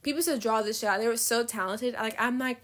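She talks fast in a fairly high pitch: a nineteen-year-old woman hosting her own casual podcast. Expect rambling, plenty of fillers, free swearing and laughing at herself, plus a slight lisp she mentions.

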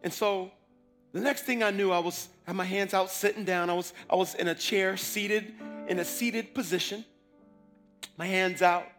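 Guy with a pretty high voice telling a testimony story, acts out what he said back then, soft music behind. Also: fairly even intonation, normal speed. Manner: acts out his own past words in quotes. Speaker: person giving a testimony. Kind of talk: casual personal storytelling.

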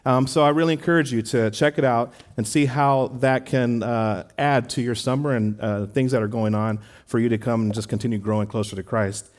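A man serving as associate pastor, giving church announcements and leading a prayer in a relaxed, conversational way with frequent fillers. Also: medium pitch, fairly quick, hardly any pauses. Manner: casual, warm-hearted church talk with fillers. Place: church sanctuary.

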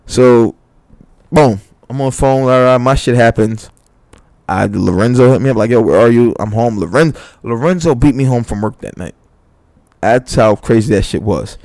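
A man's voice: mid-range voice, animated, moderate pace, darkish tone, dry recording, studio quality. A man telling a story in a loose, profane, casual chat. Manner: loose, profane storyteller who acts out dialogue.

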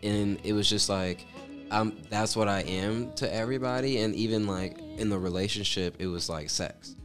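A man's voice: lowish voice, normal speed, over music. A man chatting casually as a guest, telling stories in a rambling, profane way full of fillers. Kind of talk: casual storytelling chat.

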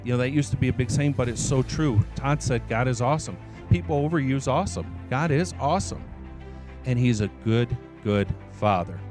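A man's voice: mid-range voice, fairly quick, few pauses, a little mellow, faint music behind. A man, a church elder, preaching his testimony as an emphatic storyteller who repeats his key phrases.

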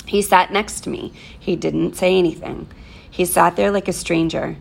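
Gravelly low-voiced woman reading aloud. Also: normal speed. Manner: plain, steady storytelling. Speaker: teacher. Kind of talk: reading a novel aloud to a class.

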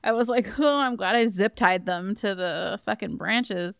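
Woman co-host, casual and chatty, smooth clear voice, swears and laughs a lot, dry close mic. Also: mid-range voice, normal speed, fairly bright tone, no echo. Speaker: podcast co-host. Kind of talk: casual chat.

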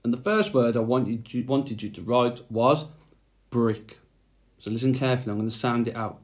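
A man's voice: medium pitch, normal speed. A man teaching a phonics lesson to young children, speaking patiently and sounding out letters one by one.

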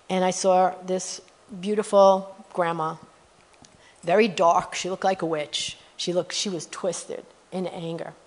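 A middle-aged woman guest preacher telling testimony stories in a sermon, animated and rising to loud exclamations. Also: mid-range voice.

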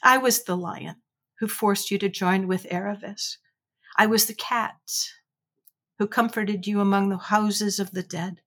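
A woman voicing a vast, unseen lion who speaks slowly, quietly and gravely in a storybook reading. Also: mid-range voice, fairly even intonation. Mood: solemn.

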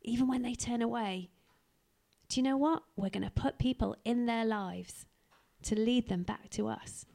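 A woman's voice: fairly high pitch, normal speed, creaky, darkish tone, pitched above the performer's own voice. A woman preacher voicing Jesus as a resolute, loving grown man, speaking in earnest, emphatic lists.

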